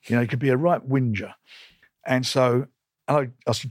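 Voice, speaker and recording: A man's voice: mid-range voice, steady tone, fairly quick, breathy edge, dry recording, clean studio sound. An older man, a boxing promoter, telling blunt stories in an interview with emphatic repeats and restarts. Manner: emphatic, repetitive, combative, stumbles and restarts.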